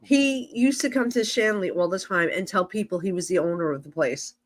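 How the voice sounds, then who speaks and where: A woman with a New Jersey accent, a guest psychic medium telling stories in a lively conversational way with many fillers. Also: lowish voice, a little fast. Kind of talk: animated storytelling in conversation.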